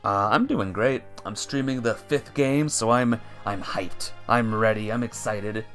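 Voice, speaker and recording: A man's voice: lowish voice, unhurried, fairly bright tone, faint music behind. A man streaming a courtroom game, giving casual, chatty commentary to viewers.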